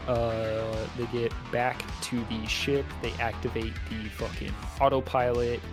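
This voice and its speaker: A man's voice: mid-range voice, little pitch movement, unhurried, music in the background. A man co-hosting a podcast, casually recapping a movie plot with profane, jokey asides. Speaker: podcast co-host.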